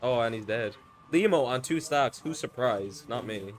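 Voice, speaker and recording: A man doing casual live commentary on a fighting game, loud and teasing, swearing freely. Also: medium pitch, expressive, normal speed, soft background music. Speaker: esports commentator.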